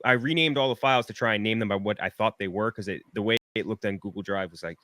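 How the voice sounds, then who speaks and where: A man on a podcast as a guest, telling stories in rapid run-on sentences full of fillers, in casual chat. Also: fairly low pitch, bright, forceful tone, no room sound, clean studio sound.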